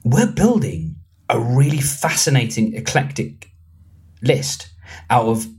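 A man's voice: medium pitch, sing-song, slow pace, vocal fry, darkish tone. A man hosting a casual podcast chat, rambling and self-mocking, with many ums and restarts. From England. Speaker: podcast host.

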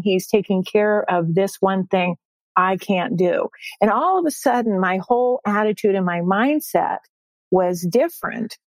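A woman's voice: medium pitch, darkish tone, no room sound. A woman in her sixties, a success coach and podcast guest, talking upbeat and emphatic, often repeating her key phrases. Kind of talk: podcast interview.

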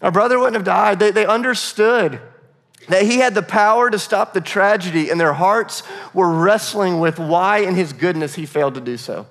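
A man's voice: high-pitched, normal speed, a bit bright, big-room sound. A male pastor preaching a sermon in a conversational, earnest way, often restarting his phrases.

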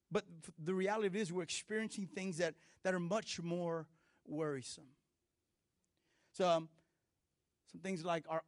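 A middle-aged man preaching a sermon as pastor, conversational and animated, with frequent restarts and playful asides. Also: fairly high pitch, no echo, studio quality.

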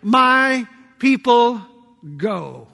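A man voicing a commanding almighty God on his throne, slow, emphatic and loud. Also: very high voice, sing-song, creaky, long reverb tail, heavily acted.

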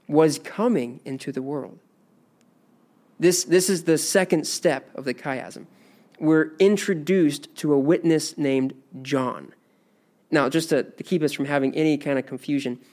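Slow, deliberate male Bible teacher. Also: a little high, a little mellow. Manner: slow, deliberate reading with frequent restarts. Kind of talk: Bible lesson, reading and explaining scripture.

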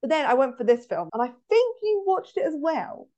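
A woman with a West Country English accent, co-hosting a podcast and chatting casually about films, animated and ranting with frequent laughs. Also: high-pitched, fairly quick. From West Country, England. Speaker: podcast co-host. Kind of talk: casual film chat. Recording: dull lo-fi audio.

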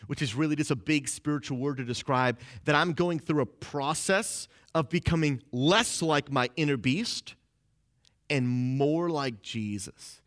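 Brief: young man, casual sermon, animated pitch, slightly high, lots of "like", quick character asides. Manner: casual, conversational preaching with frequent "like"; acts out inner voices in quick asides. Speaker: pastor.

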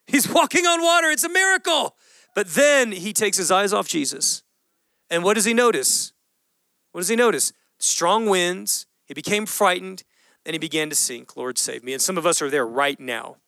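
Pastor, male, high and bright voice, clear and dry, casual animated preaching. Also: no echo. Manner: animated storytelling, acts out voices, casual slang. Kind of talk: sermon.

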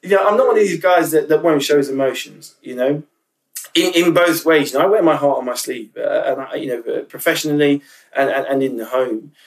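On the high side and brisk, this man's voice comes through a rough recording from a distant mic. As a guest on a podcast he speaks openly and with feeling in casual conversation, frequently starting over and repeating himself.

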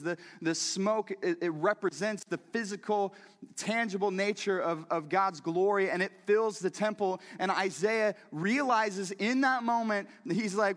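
A man preaching a sermon in a church, talking in a lively, conversational way with frequent restarts and repeated words. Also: on the high side, normal speed, in a large hall. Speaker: pastor. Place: church sanctuary.

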